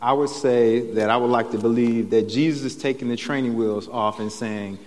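A man with a medium-pitched, slightly mellow voice and fairly even intonation preaches at a moderate pace. As pastor in a church sanctuary, he keeps things conversational and keeps asking "right?", with the hall's long reverb around him.

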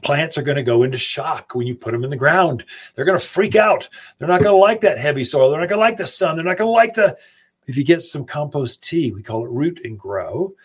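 A man's voice: fairly high pitch, expressive, fairly quick, husky. A man hosting a gardening radio show, giving folksy, chatty advice straight to his listeners into a studio microphone. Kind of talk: casual radio advice talk.

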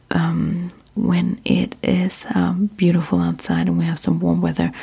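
A woman in her thirties from Germany with a German accent, chatting casually about her day in a soft whispered ASMR style. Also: on the low side, gravelly, husky. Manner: soft unvoiced whisper, relaxed and rambling. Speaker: vlogger.

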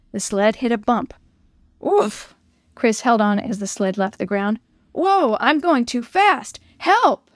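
A woman narrating a children's story in a gentle, clear reading voice. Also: medium pitch, no room sound, studio quality.

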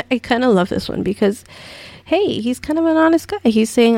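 A woman's voice: high voice, moderate pace, gravelly, dark tone, dry recording. A woman hosting a countdown video, reading each item and then reacting with incredulous, swearing commentary.

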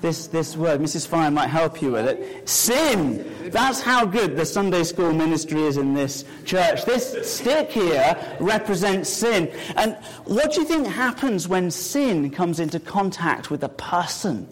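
A man's voice: a little high, very animated, a little slow, hardly any pauses. A man leading a children's talk in a church service, playfully coaxing and encouraging a child volunteer. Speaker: preacher.

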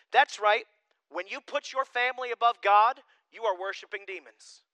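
A male pastor preaching a sermon, swinging between loud declarations and quiet asides. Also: sits high, moderate pace, dry recording, low-quality recording.

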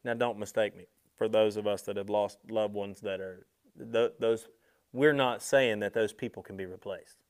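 Conversational preacher, slow emphatic swells. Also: male voice, on the low side, fairly even intonation, smooth. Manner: slows and swells on key words, drops soft on asides; conversational, speaks directly to listeners. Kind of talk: sermon.

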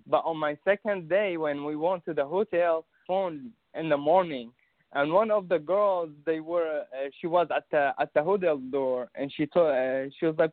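Halting man on a tinny line. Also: a little high, no room sound. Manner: halting, many restarts and fillers. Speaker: guest recounting an event. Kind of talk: casual conversation.

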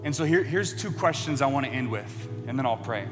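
A man's voice: medium pitch, animated, fairly quick, big-room sound, music in the background. A man preaching a sermon in an earnest way that builds to impassioned emphasis.

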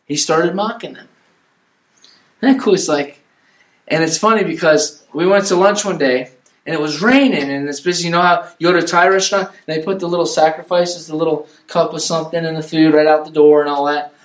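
Male preacher, high-pitched, casual rambling delivery, echoey room. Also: a little fast. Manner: rambling and conversational, acting out characters in asides. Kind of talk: casual sermon retelling a Bible story.

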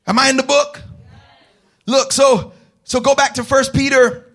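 Fervent high-voiced preacher man. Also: level tone, measured pace, pauses often. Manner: fervent, swings into shouted passionate preaching; call-and-response with the congregation. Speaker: pastor. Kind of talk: sermon.

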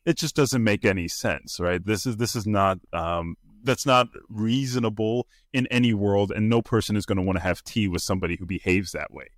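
Low-voiced guy chatting casually, animated, does little voices for quotes, dry close sound. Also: fairly quick, few pauses, no room sound. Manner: animated, acts out quoted voices in a higher pitch; conversational with frequent fillers and restarts. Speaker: podcast co-host. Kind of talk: casual discussion.

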